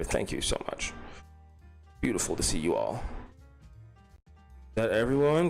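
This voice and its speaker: A man's voice: medium pitch, a little mellow. A man hosting a casual livestream, rambling and swearing freely while greeting chatters by name. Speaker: livestream host.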